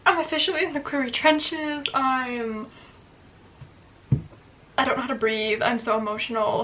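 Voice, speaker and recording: A woman vlogging casually to camera, chatty and excitable with lots of filler words. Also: high voice, moderate pace, slight background noise. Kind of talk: casual vlog talk to camera.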